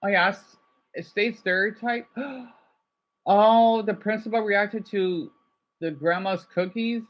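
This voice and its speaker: On a muffled recording, a man with a high voice rambles through a casual livestream. Upset and burnt out, he's agitated and keeps apologizing between outbursts.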